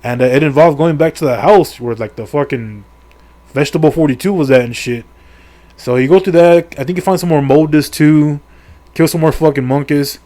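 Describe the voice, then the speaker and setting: In a loose, rambling game recap, a middle-aged man retells a video game story for his video, swearing a lot, joking crudely and leaning on fillers. His voice is on the high side, mellow and fairly quick.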